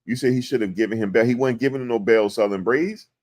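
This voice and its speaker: A man's voice: medium pitch, fast. A man giving casual commentary on a court case to his viewers, talking in loose slang and acting out quotes. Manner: animated, slangy, acts out quotes in exaggerated voices. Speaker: commentary host. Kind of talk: casual live-stream commentary.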